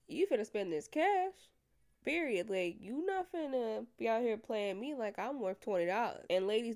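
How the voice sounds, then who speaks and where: A woman's voice: medium pitch, darkish tone. Sassy young woman podcast host. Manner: sassy, blunt, laughing often. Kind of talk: casual chat.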